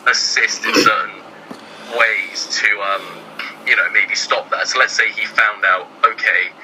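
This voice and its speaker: A man's voice: lowish voice, steady tone, measured pace, background noise. A man talking as a guest writer in casual chat, hesitant and filling his speech with ums and "sort of".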